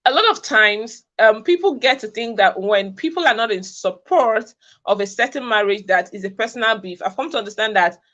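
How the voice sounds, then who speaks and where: A woman's voice: a little high, expressive, moderate pace, fairly bright tone, lo-fi sound. A woman from Africa talking straight to camera, giving relationship advice. She presses her points home with repeated rhetorical questions. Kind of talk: direct-to-camera advice talk.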